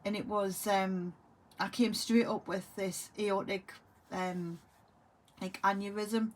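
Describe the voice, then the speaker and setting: A grieving, tearful woman talks to camera in a halting way, often trailing off and repeating herself. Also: medium pitch, fairly even intonation. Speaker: vlogger. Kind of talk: emotional monologue to camera.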